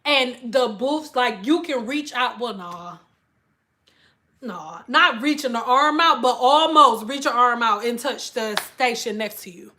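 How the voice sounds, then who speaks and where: Woman hairstylist ranting on a live stream, high bright voice, blunt and emphatic. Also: expressive, measured pace. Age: adult with school-age children. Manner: acts out quoted customers in an exaggerated voice. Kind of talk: casual live-stream chat.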